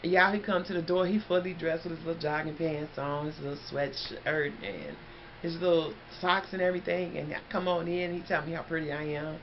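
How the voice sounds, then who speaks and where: A woman telling a story in a casual, animated way, talking straight to her viewers. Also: deep voice, a little fast. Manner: animated, chatty, addresses listeners as y'all. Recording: dull lo-fi, faint background noise.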